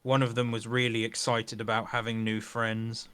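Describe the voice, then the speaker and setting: A man voicing an apathetic male merfolk scrapyard clerk who talks in a flat, dismissive way. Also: medium pitch, moderate pace, clear, resonant tone, dry recording, close to an everyday voice.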